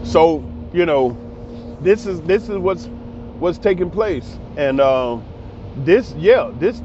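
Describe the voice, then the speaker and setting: A man's voice: a little high, darkish tone, muffled recording, a little hiss or hum. A man, giving a heated, preachy monologue that repeats itself. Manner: preachy, ranting, repetitive. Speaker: commentary channel host.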